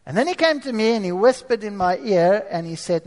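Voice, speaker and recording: High-voiced man preaching in a reverberant hall. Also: fairly quick. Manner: animated storytelling with rhetorical questions to the audience. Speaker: preacher giving his testimony. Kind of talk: storytelling sermon.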